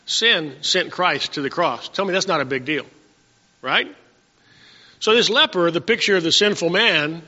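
A man preaching with a bright, gravelly voice, a touch higher than most. He moves between slow scripture reading and folksy storytelling, and the dull lo-fi recording carries a long church reverb. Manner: reads verses slowly, then tells folksy stories. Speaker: pastor.

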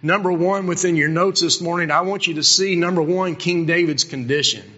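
Fervent preacher man, bright voice. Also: a little high, brisk, big-room sound, lo-fi sound. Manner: impassioned preaching, swinging from loud to hushed. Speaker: pastor. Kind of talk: sermon.

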